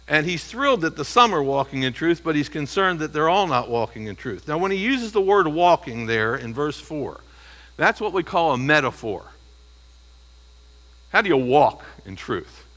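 A slightly high-voiced pastor with big pitch swings and a fairly bright tone preaches at normal speed, taking the text verse by verse in an expository sermon. His style is conversational, peppered with "okay?" and "you see" to check in with the congregation. The recording is rough.

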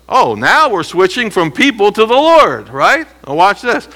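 A man teaching a Bible lesson verse by verse in a lively way, often checking that listeners are following. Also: high voice, a little slow, few pauses. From United States. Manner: animated, keeps checking listeners with rhetorical questions.

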